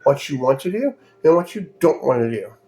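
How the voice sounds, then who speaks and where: A man's voice: medium pitch, sing-song, a little fast, dark tone. A man hosting a podcast, ranting angrily with heavy swearing and mocking voices. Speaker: podcast host. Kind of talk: profane ranting monologue.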